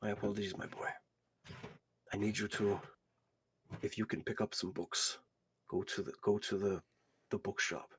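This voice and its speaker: A man voicing a kindly, forgetful old grandfather who talks in gentle, halting phrases. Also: fairly low pitch, little pitch movement, slightly rough.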